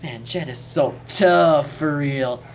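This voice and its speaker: A woman's voice: deep voice, slow pace, slight background noise, rough recording. A woman casually reading out and joking about lines from a class quote journal, chatty, rambling and swearing now and then. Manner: chatty, jokey, swears casually, trails off mid-sentence.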